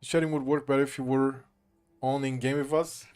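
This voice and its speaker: A man's voice: mid-range voice, level tone, normal speed, a little mellow, clear, resonant tone, soft background music. A young man whose first language is Portuguese, chatting casually and self-deprecatingly on a live stream in English.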